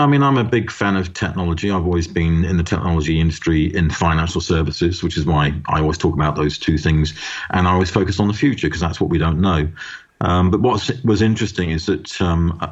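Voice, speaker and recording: A man giving interview answers as a guest author, explaining at length and often repeating words as he starts a thought. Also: low voice. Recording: dull lo-fi audio.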